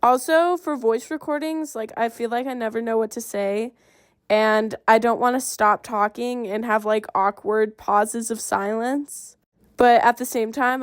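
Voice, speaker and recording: A woman's voice: fairly high pitch, smooth, no room sound, studio quality. A young woman with a Southern Californian accent, chatting casually through a makeup tutorial voiceover and using "like" a lot. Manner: chatty, filler-heavy with "like". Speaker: makeup vlogger.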